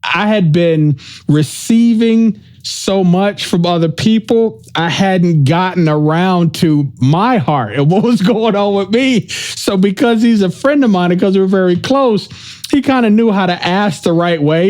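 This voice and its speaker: A man with a slightly higher-than-usual voice hosts a podcast alone. He rambles and reflects in an easygoing, informal way, checking in with the listener as he goes. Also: lively intonation, a little slow, darkish tone. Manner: informal, says "yo" and "right?". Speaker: podcast host. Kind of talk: casual monologue.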